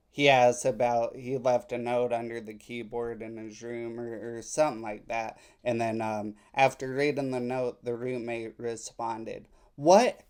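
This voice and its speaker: Guy reading texts out loud n mocking them, slow n sarcastic, lots of ums. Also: mid-range voice, clear, resonant tone. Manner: sarcastic, mocking, rambling with fillers. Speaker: commentator. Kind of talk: casual commentary reading out text messages.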